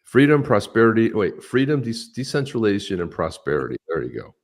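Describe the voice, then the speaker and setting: Deep-voiced chatty male co-host. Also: very animated, brisk, darkish tone, slightly rough. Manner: chatty, upbeat, addresses viewers by name. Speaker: podcast co-host. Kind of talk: casual live-stream chat.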